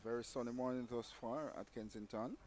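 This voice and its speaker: A male co-commentator on a live cricket broadcast, with a mid-pitched voice. He speaks calmly and steadily, summing up the play. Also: a little fast.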